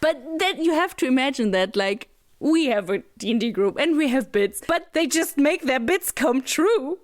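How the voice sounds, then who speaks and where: High-voiced chatty German woman. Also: expressive, moderate pace, no room sound, clean studio sound. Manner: chatty, enthusiastic, many fillers. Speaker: podcast co-host. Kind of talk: casual chat.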